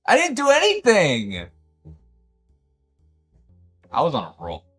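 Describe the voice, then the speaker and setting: Animated man chatting on a livestream. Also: fairly high pitch, slow pace, slightly rough. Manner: animated, swearing, incredulous outbursts. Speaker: livestreaming painter. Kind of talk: casual livestream chat. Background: background jazz music.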